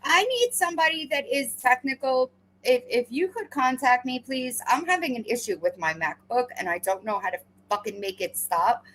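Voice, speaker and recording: Sarcastic woman with a higher voice, confronting. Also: animated, normal speed, fairly bright tone, rough recording. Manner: confrontational, sarcastic, stammering restarts. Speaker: commentator. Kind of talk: reaction commentary.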